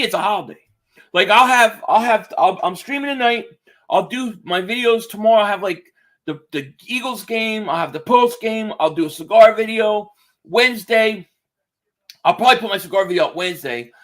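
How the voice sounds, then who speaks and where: A high-pitched man from the Philadelphia area talks a little fast as he streams from home, giving football play-by-play and loose, excitable chat with viewers. He reads their comments aloud and throws in the occasional swear.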